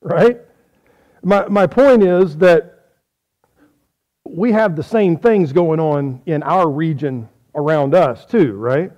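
A man's voice: on the high side, slow pace, long pauses, a little mellow, dull audio. A man preaching a folksy sermon, quizzing his audience on how they say words.

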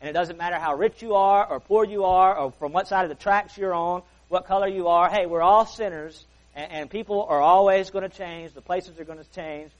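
His sermon at the church service runs a little fast with few pauses, this earnest male preacher's higher voice leaning into key words and then sinking soft and quiet, with folksy asides mixed in. The recording sounds muffled.

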